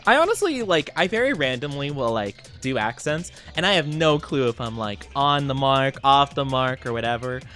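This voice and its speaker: A male VTuber streamer giving casual live gameplay commentary, bubbly and excitable, giggly and rambling with lots of fillers. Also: mid-range voice, moderate pace, hardly any pauses, soft background music.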